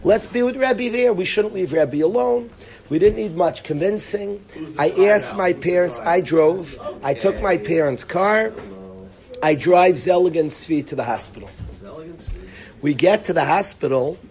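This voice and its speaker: Animated middle-aged man telling a story. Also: high-pitched, measured pace. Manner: animated, acts out dialogue, drops to near-whisper for quoted lines. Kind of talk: casual spoken anecdote.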